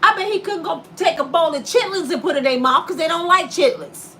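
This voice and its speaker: A woman's voice: very high-pitched, expressive, brisk, sharp tone, a little hiss or hum. A woman in her fifties who hosts her own vlog and delivers a sassy, preachy comedic rant straight at her viewers. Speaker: vlogger host.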